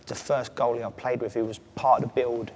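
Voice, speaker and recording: A man, a former footballer telling animated stories as an interview guest. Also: mid-range voice, quick pace. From England. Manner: animated storyteller, does voices and laughs. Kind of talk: casual chat. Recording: long reverb, faint ambient noise.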